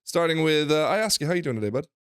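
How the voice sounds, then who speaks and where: Hoarse man hosting a podcast. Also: a little high, lively intonation, fast talker, no echo, clean studio sound. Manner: laughing, rambling storyteller. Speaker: podcast host. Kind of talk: casual podcast chat.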